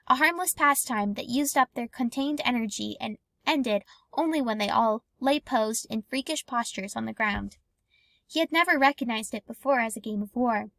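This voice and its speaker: A woman narrating a novel aloud in a calm, even storytelling voice. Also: a little high, no echo. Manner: calm, even storytelling with lightly acted dialogue. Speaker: audiobook reader. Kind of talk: scripted narration.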